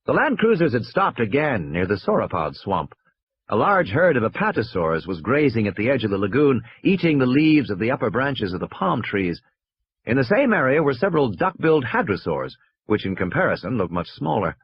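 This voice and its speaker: A man narrates an audiobook at a steady storytelling pace, his slightly husky voice rising and falling with animated pitch. The recording is dry and somewhat muffled. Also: brisk, no echo.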